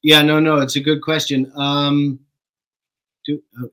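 A middle-aged man from England, a guest actor, telling stories in a casual interview in a relaxed way and swearing offhandedly. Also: on the high side, measured pace, rough recording.

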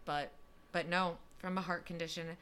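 A woman's voice: on the low side, steady tone, fairly bright tone, clear, resonant tone. A young woman co-hosting a podcast, telling a story in a casual chat with lots of fillers. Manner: chatty, lots of fillers and quick asides.

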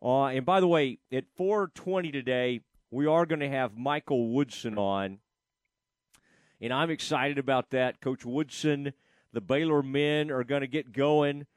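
A man's voice: mid-range voice, a little slow, dry recording, studio quality. A man hosting a casual sports talk show, rambling with frequent fillers and restarts. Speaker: sports radio host.

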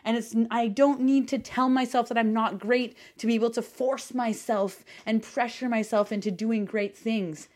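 A woman's voice: a little high, fairly even intonation, normal speed, few pauses, darkish tone. Effusive, swearing woman podcast coach. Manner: effusive, swears casually, lots of "like" fillers. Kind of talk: excited solo podcast talk.

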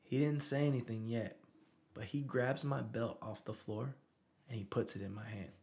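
A man's voice: medium pitch, fairly even intonation, normal speed, a little mellow. A man in his thirties, a father telling a story in casual conversation, who often asks "you know what I'm saying". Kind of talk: casual chat.

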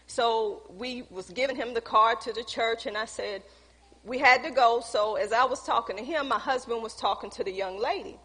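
Woman pastor, sermon testimony, high voice, husky tone, long hall reverb. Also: normal speed, a bit bright. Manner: storytelling, reenacting conversations, preachy emphasis.

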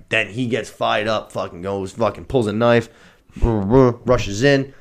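Animated, swearing podcast co-host. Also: male voice, lowish voice, takes it slowly. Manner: animated, profane storyteller. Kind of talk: casual recap of a TV episode.

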